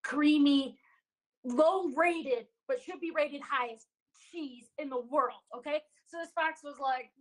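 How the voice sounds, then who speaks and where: A woman improviser retelling a story in an animated, playful way over a video call. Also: sits high, measured pace, poor audio.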